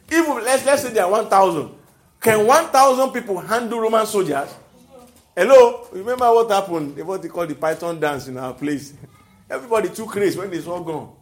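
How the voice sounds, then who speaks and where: A man with a Nigerian accent preaching a sermon, animated, often calling out to the congregation and laughing. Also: high voice, reverberant.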